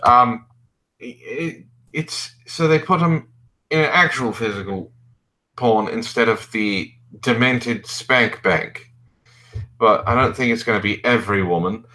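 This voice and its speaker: A man's voice: mid-range voice, a little slow, bright, forceful tone. A man hosting a podcast, giving sarcastic, profane commentary. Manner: sarcastic, swears freely. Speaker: podcast host.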